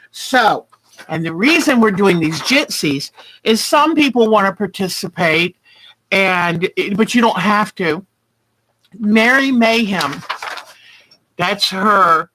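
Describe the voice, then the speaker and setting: Middle-aged woman, chatty and rambling, who talks in an unhurried way with a bright tone. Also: medium pitch, dry recording, poor audio. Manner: chatty, rambling, greets viewers by name. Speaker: quilting livestream host. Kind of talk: casual chat.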